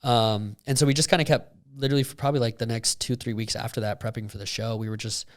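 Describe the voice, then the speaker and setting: A man's voice: mid-range voice, quick pace. Young man rambling on a casual podcast. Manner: rambling, lots of fillers, animated when retelling. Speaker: podcast co-host. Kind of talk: casual chat.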